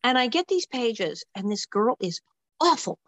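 An older actress talks in a fairly high voice, recorded dry and close with no room sound. She tells her story with energy and quick asides, and acts out the people she describes. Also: big pitch swings, fairly bright tone, no echo, rough recording. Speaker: actress guest. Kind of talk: animated anecdote telling.

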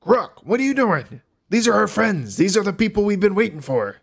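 A man voicing an excitable male barkeeper, calling out in a raised, eager voice. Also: high-pitched, moderate pace, creaky, breathy edge, voice pushed up, exaggerated voice.

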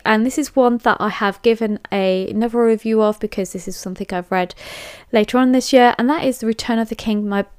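A woman's voice: a little high, smooth, no room sound, clean studio sound. Chatty English woman reviewing books. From England. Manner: chatty, candid, emphatic with frequent fillers. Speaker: book reviewer and podcaster. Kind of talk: casual book review monologue.

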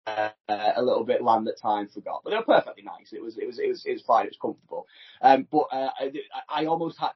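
Husky-voiced chatty podcast host. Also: male voice, mid-range voice, dull audio. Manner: chatty, rambling, self-deprecating banter. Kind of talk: casual chat. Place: holiday home in France, remote.

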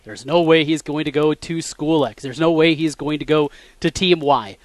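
A man co-hosting a sports radio show, laying out background facts in a measured way and getting lively when he jokes. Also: a little high, no room sound. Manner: measured, recalls facts in detail, gets animated when joking. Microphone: studio mic.

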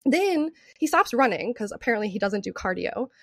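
A young woman co-hosting a podcast, telling a story with animated, profane energy and acting out what people said. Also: on the high side, a little fast, dry recording. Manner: animated, profane, acts out quotes in raised voice. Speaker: podcast co-host. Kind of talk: storytelling chat.

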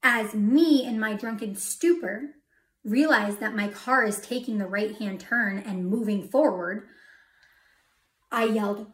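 A woman's voice: mid-range voice, measured pace. A woman preaching a testimony sermon, telling her story dramatically and dropping to a whisper for emphasis. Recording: echoey hall from far off.

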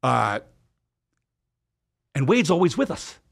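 A podcast guest tells a story in casual conversation, his voice a little high, gravelly and husky, and his pace slow. He's animated and swears freely, acting out the dialogue of the people involved.

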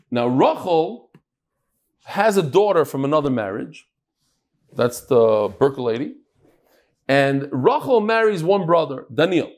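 Animated man teaching Talmud. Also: on the high side. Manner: mixes Yiddish-Hebrew terms into English, acts out dialogue.

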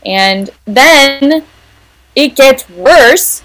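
A woman's voice: high-pitched, animated, drawn-out words, fairly bright tone, rough recording. A woman co-hosting a podcast, casually recapping the plot of an episode scene by scene. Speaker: podcast co-host. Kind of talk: casual chat.

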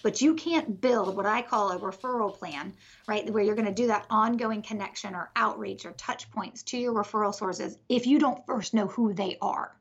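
A woman's voice: medium pitch, moderate pace, husky, muffled recording. A woman guest on a podcast interview, a business coach explaining her method with energy and conviction.

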